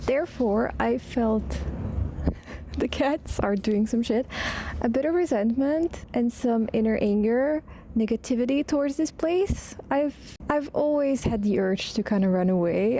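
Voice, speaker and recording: A woman's voice: a little high, moderate pace, warm tone, a little hiss or hum. A young woman from Croatia giving a candid, reflective vlog voice-over. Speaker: vlogger. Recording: music clearly behind the voice.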